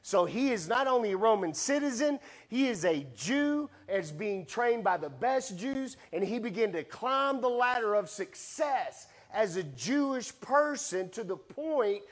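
A man preaching a sermon with animated storytelling, acting out the voices in the story. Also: high-pitched, unhurried.

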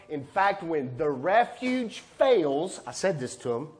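A pastor from Texas delivering a sermon with big swings in volume, jumping from loud, raised bursts down to hushed, low asides. His voice sits a little higher than most men's. He acts out the voices in his stories as he goes. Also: very animated, slow, few pauses. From Texas, USA. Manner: dramatic swings from loud and high to quiet and low, acting out dialogue.

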